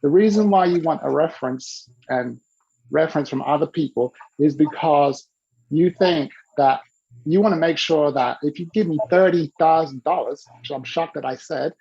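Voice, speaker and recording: A husky man with a gravelly edge tells an animated coaching story, bouncing between the voices of the people he quotes. He coaches the listener along and has them repeat his rules back. The recording sounds dull and lo-fi. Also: a little high. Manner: acts out quoted dialogue with lively shifts in voice. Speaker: business coach.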